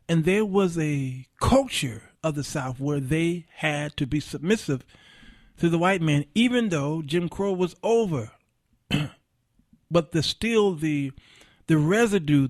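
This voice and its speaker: A man's voice: high voice, dry recording, clean studio sound. Passionate middle-aged man hosting a show. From Chicago area, US. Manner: passionate, preacher-like, rising and falling emphasis. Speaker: talk show host. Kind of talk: livestream monologue.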